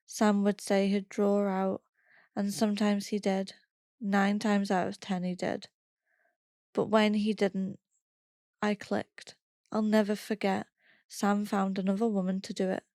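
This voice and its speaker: A woman reading a first-person memoir aloud in a steady, plain storytelling manner. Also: mid-range voice, no echo, studio quality. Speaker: podcast reader.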